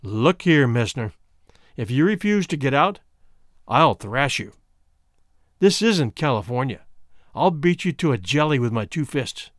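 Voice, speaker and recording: Man voicing a hot-tempered jealous man, contemptuous, forceful, lively pitch, dry close sound. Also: a little slow, pauses often, dry recording. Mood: angry threatening. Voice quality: forceful, blustering. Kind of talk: audiobook character voice.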